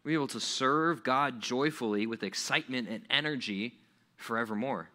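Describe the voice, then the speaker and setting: A man giving a lively, joking sermon to young people, acting out little scenes. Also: medium pitch, normal speed.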